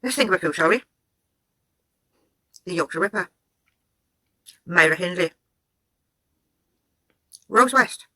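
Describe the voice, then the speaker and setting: A woman's voice: on the low side, expressive, takes it slowly, pauses often, pushed and bright, no echo, rough recording. Sarcastic woman from Wales, dry sound. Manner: sarcastic, talks straight at the person in the clip. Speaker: commentary channel host. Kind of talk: sarcastic reaction commentary.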